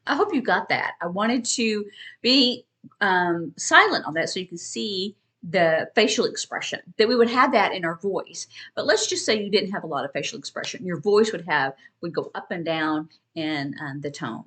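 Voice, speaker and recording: A woman teaching sign language, explaining in a casual, conversational way with pauses and restarts. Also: fairly low pitch, animated, fairly bright tone. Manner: conversational, with fillers and restarts, shifting between quick and slow. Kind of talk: casual instructional talk.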